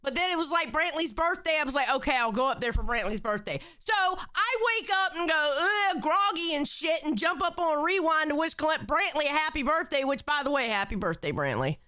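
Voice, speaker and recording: A woman hosting a live stream, chatting casually in an animated way, swearing often and breaking into loud outbursts. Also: high-pitched, brisk, few pauses, no room sound, studio quality. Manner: animated, swearing, bursts into shouting. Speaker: livestream host. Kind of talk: casual livestream chat.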